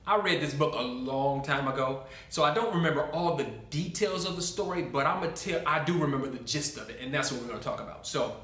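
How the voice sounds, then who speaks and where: A man's voice: fairly high pitch, brisk, few pauses, fairly bright tone. Earnest male host, roomy echo. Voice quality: earnest, with repeated restarts. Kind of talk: storytelling commentary with a preaching tone. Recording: echoey room.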